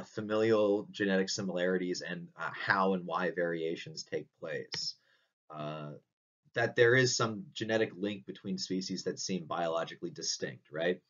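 A man giving a recorded philosophy lecture, explaining step by step and often checking in with "right?". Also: deep voice. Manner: explanatory, frequent "right?" tag questions. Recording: dull distant lo-fi audio.

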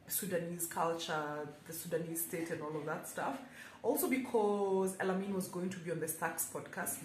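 A woman's voice: on the low side, roomy sound, a little hiss or hum. A young woman, chatting casually about books in a vlog, with playful self-mocking asides. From Kenya. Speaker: booktuber. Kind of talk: casual book haul vlog. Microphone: camera held by someone else.

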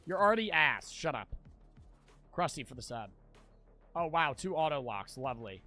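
Man, gaming streamer, profane, ranting, lively swooping delivery, faint music behind. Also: on the high side, normal speed, pauses often. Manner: profane, ranting, talks to chat. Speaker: live streamer. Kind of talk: casual gaming stream chat.

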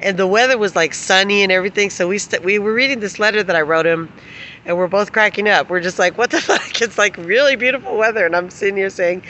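Giggly, bright-voiced middle-aged woman rambling. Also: mid-range voice, fast talker, slight background noise. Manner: giggly, laughs often while telling stories; rambling, swears casually. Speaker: vlogger. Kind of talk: casual storytelling to camera.

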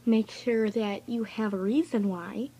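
A woman's voice: mid-range voice, steady tone, measured pace, warm tone, husky. A woman recording a casual, rambling tutorial vlog in her bedroom, chatty and goofy and easily sidetracked. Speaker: vlogger.

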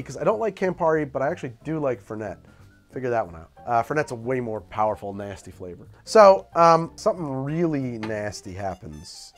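A man hosting a comedic bartending show, talking in an animated, wry and profane way while he mixes and tastes drinks. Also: mid-range voice. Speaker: cocktail show host.

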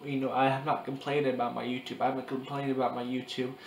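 A man in his early twenties cries on camera in a personal vlog, speaking at a medium pitch with vocal fry. He stays monotone, halting, restarting and repeating. The echoey room and faint hiss come through the camera mic.

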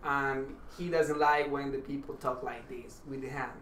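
A man's voice: mid-range voice, steady tone, moderate pace, fairly bright tone. A man talking as a guest in a casual podcast chat, chatty, with non-native English phrasing. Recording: roomy, distant mic with faint noise.

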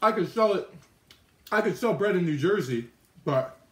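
Eating on camera in an indoor kitchen with an oven and microwave, a livestream host answers viewer comments and chats casually with his mouth full. His high-pitched voice is animated at a normal speed, and the sound is reverberant.

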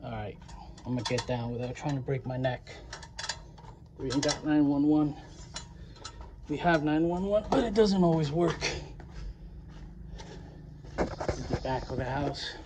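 A man casually narrating a walking tour of his garden and property outdoors, chatty and relaxed, saying y'all. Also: fairly high pitch, measured pace, pauses often, noisy background. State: winded near the end. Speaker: vlogger giving a garden tour.

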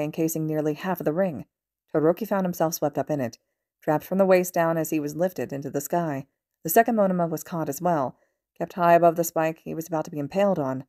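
A woman narrating a fan fiction audiobook with steady, even storytelling. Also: deep voice, no echo, studio quality. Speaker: podfic reader.

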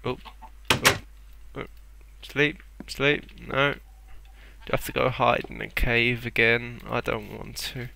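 A man's voice: medium pitch, fairly even intonation, slow, gravelly, pushed and bright, slight background noise. A young man rambling and mocking himself as he plays a block-building game. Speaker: gameplay commentator. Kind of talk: casual Let's Play commentary.

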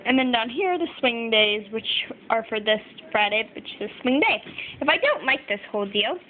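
Chatty young woman on tinny audio. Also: on the high side. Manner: chatty, apologetic, many fillers. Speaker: craft vlogger. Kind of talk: casual show-and-tell narration. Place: home. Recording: tinny phone-like audio with faint background noise. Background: crying baby.

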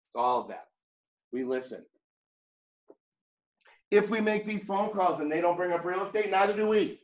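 A man with a heavy Boston accent, teaching a real estate training class in a blunt, conversational, jokey way. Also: on the high side. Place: training room. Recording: echoey room.

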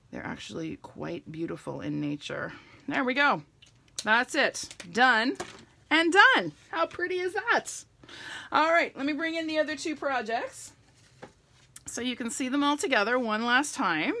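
A woman's voice: medium pitch, vocal fry, sharp tone, dry recording. A middle-aged woman giving a chatty live crafting demonstration and greeting viewers by name as she works. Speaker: stamping demonstrator.

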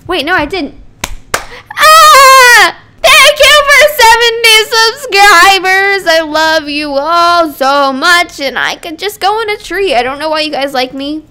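A woman's voice: high voice, fairly bright tone. A woman YouTuber giving casual, rambling game commentary into her microphone, giggling and melodramatic. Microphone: desk microphone.

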